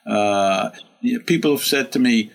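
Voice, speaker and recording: An older man telling a story as an interview guest, measured, with frequent "uh" fillers and dry humor. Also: on the low side, creaky, low-quality recording. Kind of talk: conversational storytelling.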